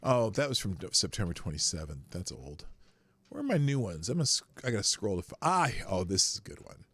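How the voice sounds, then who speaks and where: A man hosting a live show, rambling through casual commentary with frequent swearing and sudden jumps in pitch. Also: sing-song, fast, a bit bright, slightly rough, dry recording.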